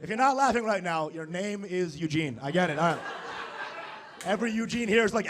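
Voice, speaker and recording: A young male stand-up comedian performs a set before a live audience on a comedy stage, his high voice swinging all over the place. Animated and profane, he does crude crowd work, tossing quick asides to the audience.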